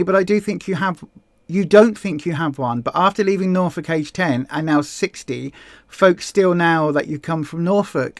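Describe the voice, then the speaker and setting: A woman from Hampshire, England, with a southern English accent, hosts a casual livestream in a fairly low voice, recorded dry. She rambles in a friendly, chatty way while reading viewer comments, with frequent ums and repeated words.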